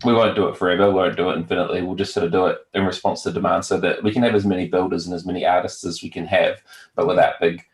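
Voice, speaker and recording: A man's voice: low voice, little pitch movement, very fast. A man from New Zealand with a New Zealand accent, a guest chatting casually and hesitantly with many fillers over a remote call. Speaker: guest, virtual world founder. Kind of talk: casual interview chat. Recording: echoey room.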